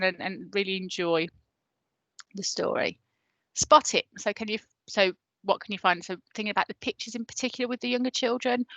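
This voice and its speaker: Woman teacher, mid pitch, dry close sound, casual and encouraging. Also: a bit bright, no echo, low-quality recording. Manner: chatty and encouraging, many fillers. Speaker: primary school teacher. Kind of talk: recorded lesson for parents.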